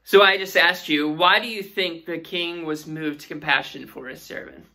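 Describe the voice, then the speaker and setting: A woman's voice: deep voice, moderate pace, pushed and bright, faint music behind. A woman teaching a Sunday school Bible lesson in an earnest way, asking her listeners questions.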